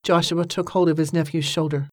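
This audiobook narrator is a woman with a deep voice, reading a scripted story in a steady, measured way. The studio sound is clean, with no room sound.

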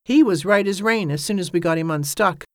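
A reader voicing a boatman, gruff and plain. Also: high voice, fairly quick, dry recording, clean studio sound, voice pushed up. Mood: wry. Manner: plain-spoken, mumbling. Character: gruff, reticent boatman, older man.

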